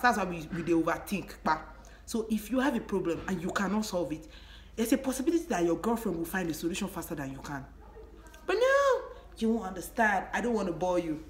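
A young Nigerian woman vents straight to camera, blunt and mocking, dropping curses as she scolds. Her fairly low voice rings in a roomy room, and a faint hiss sits underneath. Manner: blunt, profane, emphatic, mocking. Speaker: vlogger. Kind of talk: ranting vlog to camera.

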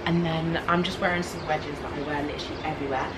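A young woman vlogging to camera in a chatty, excitable way, full of "like" fillers. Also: low-pitched, quick pace, very noisy. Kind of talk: casual vlog chat to camera.

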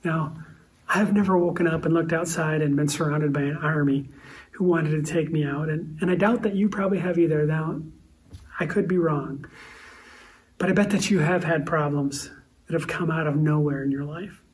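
Here a pastor speaks from a church sanctuary, telling stories and asking his congregation rhetorical questions as he preaches in a chatty way. The man's slightly high voice holds a steady tone at a moderate pace. He's picked up from a distance, with a little hiss or hum audible.

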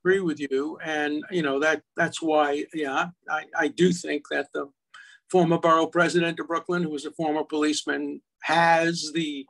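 A man's voice: fairly high pitch, flat delivery, moderate pace, gravelly, fairly bright tone. An older man, an attorney and law professor, arguing emphatically in casual conversation with frequent restarts.

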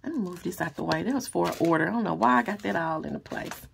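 A woman vlogger chatting casually through an unboxing, gushing and excitable as she talks straight to her viewers. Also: on the low side, fast, gravelly, slight background noise.

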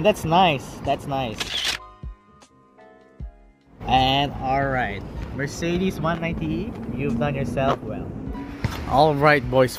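A man vlogging casually outdoors, thinking aloud with laid-back slang as he sets up photos. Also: mid-range voice. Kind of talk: casual narration while shooting photos.

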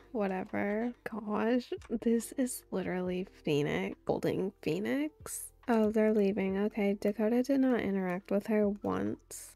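A woman's voice: medium pitch, dark tone. A woman giving casual let's-play commentary, gushing and chatty as she plays. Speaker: gameplay YouTuber.

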